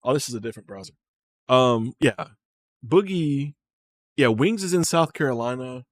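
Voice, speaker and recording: A man's voice: mid-range voice, animated, moderate pace, no echo, studio quality. A man casually talking to his chat during a stream, loose and profane, reading comments aloud.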